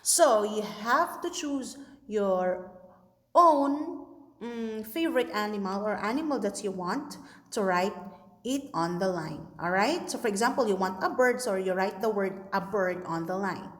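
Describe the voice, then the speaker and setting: A woman teacher giving a recorded class lesson to young learners, slowly explaining and checking that they understand. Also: medium pitch, lively intonation, a bit bright. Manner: slow, sing-song teacher talk with many checks for understanding. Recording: echoey room with long reverb.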